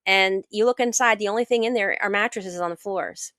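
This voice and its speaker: An American woman, middle-aged, a guest author and sailor telling her story in a casual interview, animated and acting out what others said. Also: mid-range voice, a little fast, no room sound. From United States. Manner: animated, acts out quoted dialogue.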